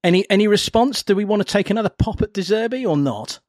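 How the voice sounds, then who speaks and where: A man's voice: high voice, fast, dry recording. A man hosts a casual football chat, his voice leaping up and down as he wanders off into asides. He talks in a bouncy, laughing way. The sound is close and dry, with no room around it. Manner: animated, laughing, rambling asides. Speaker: podcast host.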